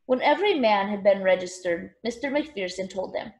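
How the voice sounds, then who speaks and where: A woman reading a children's novel aloud with expressive, animated storytelling. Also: mid-range voice, moderate pace, hardly any pauses. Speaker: narrator.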